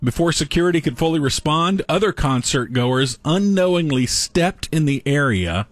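A man co-hosting a casual talk show, telling a gross news story in an animated way and laughing through it. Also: on the high side, normal speed, dry recording. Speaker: podcast co-host. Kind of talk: casual chat, reading a news story aloud.

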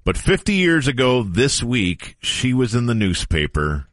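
A man's voice: medium pitch, very animated, unhurried, no room sound, clean studio sound. A middle-aged man hosting a casual radio show, reading an old news story aloud with playful drama.

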